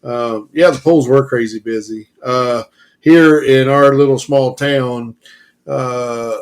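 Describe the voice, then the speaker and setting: A man from Kentucky co-hosting a casual news podcast, loud and quick to laugh, often restarting his sentences. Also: medium pitch, fairly even intonation. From Kentucky, USA. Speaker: podcast co-host. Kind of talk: casual chat.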